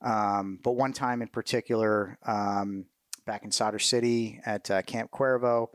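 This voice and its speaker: A man's voice: lowish voice, steady tone, measured pace, no room sound. Blunt middle-aged man telling war stories. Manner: candid, profane, many fillers and restarts. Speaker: retired Marine officer guest. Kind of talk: casual interview storytelling.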